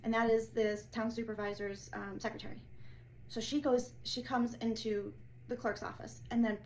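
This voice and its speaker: A woman's voice: a little high, flat delivery, moderate pace, darkish tone, slight background noise, low-quality recording. A woman venting in an agitated monologue, retelling a workplace clash and acting out every line of dialogue. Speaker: former assistant assessor. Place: indoors, filmed herself.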